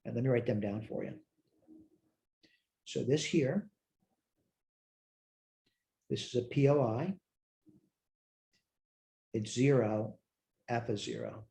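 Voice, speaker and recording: A weary math instructor speaks slowly yet very animatedly in a creaky, dark, mid-range voice, with long pauses. In his recorded lecture he thinks aloud through problems, correcting himself and answering his own questions.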